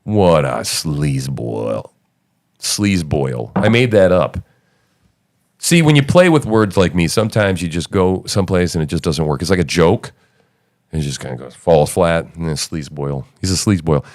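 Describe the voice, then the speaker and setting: A man's voice: low voice, a little fast. A man hosting a podcast, talking in casual, profane, joking commentary. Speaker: podcast host.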